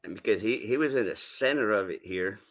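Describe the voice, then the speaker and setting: Man, southern-tinged new england accent, bright lowish voice, rambling casual chat. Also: expressive, a little fast. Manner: rambling, swears, laughs often. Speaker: panelist.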